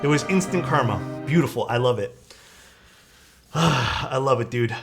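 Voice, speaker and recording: A young man talking casually on a live stream at an everyday middle pitch. He tells stories in a relaxed, loose way, drops a lot of "dude" and "man", and swears freely. Faint music plays behind him. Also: measured pace. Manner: laid-back storytelling, swears often, says "dude" and "man". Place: home streaming setup.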